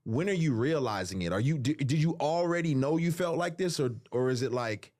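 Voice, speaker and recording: A man's voice: mid-range voice, expressive, a little fast, darkish tone. A man hosting a conversational interview, asking questions and backing up his guest with frequent murmurs of agreement. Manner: encouraging, frequent affirming murmurs. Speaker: interview host.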